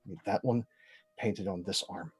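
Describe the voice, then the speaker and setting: A man's voice: husky, soft background music. A man doing a grim, brooding young hero. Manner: low, quiet, deliberate.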